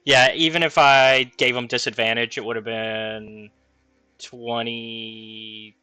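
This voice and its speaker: A man's voice: medium pitch, level tone, takes it slowly, sharp tone, no echo, faint music behind. A man running a tabletop game as dungeon master, thinking aloud over the rules with fillers.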